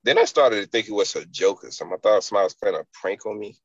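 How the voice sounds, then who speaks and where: A man's voice: on the low side, racing, slightly rough, no room sound, muffled recording. A man, a fitness entrepreneur, telling a long personal story in an interview, loose and rambling with many fillers.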